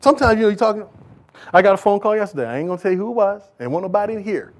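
A man preaching a sermon, moving from quiet, conversational asides to loud, shouted exhortation, with casual folksy remarks. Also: high voice, lively intonation, rapid-fire. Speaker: pastor.

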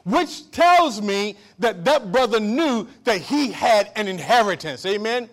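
Guy preaching a sermon, pretty high voice, gets loud then drops real quiet, keeps asking for amen. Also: lively intonation, unhurried. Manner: swings between loud exclamations and low hushed asides; repeats and restarts phrases, calls for amen. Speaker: pastor.

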